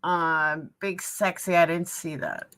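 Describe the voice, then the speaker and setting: A woman's voice: lowish voice, fairly even intonation, takes it slowly, fairly bright tone, clear, resonant tone. Blunt New York woman live-streaming. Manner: blunt, opinionated, reads out viewer comments. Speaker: livestream host. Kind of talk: casual live-stream chat.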